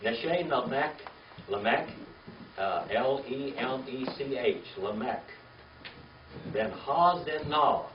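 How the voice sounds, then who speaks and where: Heard from a distance in a large room, an older Hebrew teacher with a mid-range, expressive voice takes his time, patiently spelling words for his students. He coaxes them along, asking "okay?" and "all right?" The recording is dull, lo-fi, and faintly hissy.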